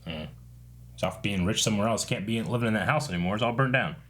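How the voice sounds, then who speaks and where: A man's voice: on the low side, fast talker, a bit bright, slight background noise. A man co-hosting a reaction show, chatting casually and hesitantly with fillers. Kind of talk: casual chat.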